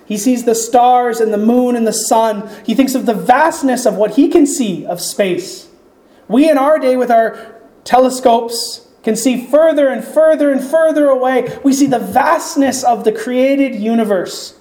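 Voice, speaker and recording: A preacher giving a reflective sermon, slowing down when reading scripture aloud. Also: mid-range voice, mellow. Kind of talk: sermon on a psalm. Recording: echoey room.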